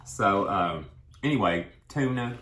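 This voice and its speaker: A man's voice: on the low side, expressive, slow pace, fairly bright tone, slight background noise. A man chatting casually while he eats, rambling from one thought to the next with food in his mouth. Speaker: co-host of a food vlog. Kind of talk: casual mukbang chat while eating. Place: indoors at a table, eating. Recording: echoey room.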